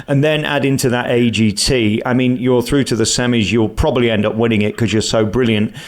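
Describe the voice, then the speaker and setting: A man's voice: mid-range voice, fairly even intonation, fairly quick. Effusive male radio interviewer. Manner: effusive, leading questions.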